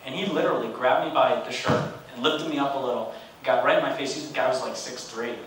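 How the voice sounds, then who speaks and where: A man in his forties giving a storytelling lecture as a guest speaker, animated and conversational with wry humor. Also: mid-range voice, fast talker, slight background noise. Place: large university lecture hall. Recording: echoey hall, distant mic.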